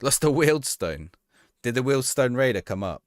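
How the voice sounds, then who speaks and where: Lively, chatty man streaming a game. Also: medium pitch, normal speed, no room sound, studio quality. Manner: reads viewer questions aloud and answers offhand, often restarting sentences. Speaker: game streamer answering live chat. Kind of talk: casual chat.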